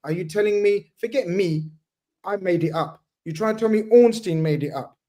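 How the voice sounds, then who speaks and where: Emphatic, high-voiced host arguing football. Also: male voice, moderate pace, warm tone. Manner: emphatic, repeats himself, swears. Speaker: show host. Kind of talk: heated casual football debate.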